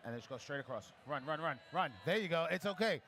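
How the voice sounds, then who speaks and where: A man's voice: fairly high pitch, lively intonation, fairly bright tone, slight background noise. Upbeat coaching barista man. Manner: encouraging, chatty, gives quick pouring cues. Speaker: barista instructor. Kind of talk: live demo coaching. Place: coffee festival demo area.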